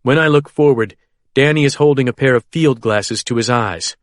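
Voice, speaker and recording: A man narrating a first-person thriller audiobook in a steady, measured way. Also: mid-range voice, dry recording, studio quality.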